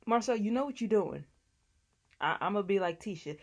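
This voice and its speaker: Female TV recap vlogger, casual and sassy, mid-pitched. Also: animated, moderate pace, long pauses. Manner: sassy, chatty, talks back to people on the show.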